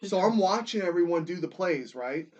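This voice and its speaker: A young man hosts a casual podcast chat, telling stories with lots of energy, cursing freely, and acting out what people said. His voice is high and his pace moderate, though the recording has its highs cut off.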